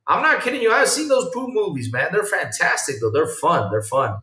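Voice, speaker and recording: A male podcast host chatting casually on a livestream and reacting to viewer comments, excitable and rambling, swinging between low mumbles and loud outbursts. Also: brisk. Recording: roomy sound from a distant mic.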